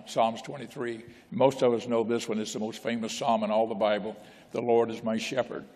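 A man's voice: medium pitch, creaky. A man, a bishop, preaching a sermon in a folksy way, repeating phrases and asking the congregation questions. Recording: long church reverb.

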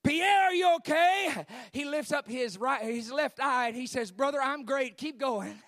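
High-voiced preacher telling a story. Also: male voice, normal speed, no room sound, studio quality. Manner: animated, swings from quiet retelling to shouted climaxes. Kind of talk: sermon storytelling.

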